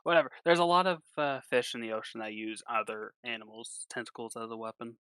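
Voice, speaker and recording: A man's voice: medium pitch, steady tone, fast talker, fairly bright tone, smooth, dry recording. A man playing a tabletop game, talking casually with a lot of swearing and rambling asides. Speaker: player.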